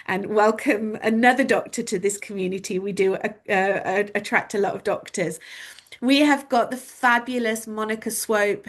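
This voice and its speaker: Woman co-hosting an online awards ceremony. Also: a little high. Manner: warm praise with many fillers.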